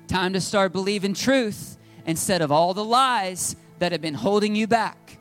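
A man's voice: sits high, a little slow, hardly any pauses, fairly bright tone, faint music behind. A man preaching a sermon to his congregation in a conversational, joking way. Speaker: pastor. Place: church service.

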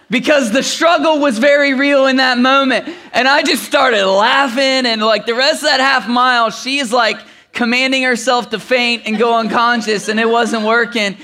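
A man's voice: very high-pitched, steady tone, normal speed, few pauses, bright, forceful tone. A middle-aged man preaching, telling a personal story that builds to emphatic preaching. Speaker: pastor. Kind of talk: sermon.

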